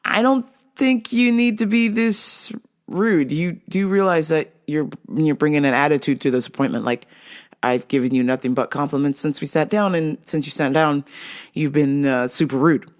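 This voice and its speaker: A woman's voice: low-pitched, lightly acted. A woman quoting an offended client. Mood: indignant. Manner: indignant but measured.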